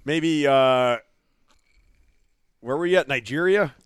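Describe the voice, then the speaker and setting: A man co-hosting a casual podcast, cracking crude jokes with quick loud outbursts. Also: a little high, clear, resonant tone, no echo, clean studio sound. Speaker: podcast co-host. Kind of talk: casual chat.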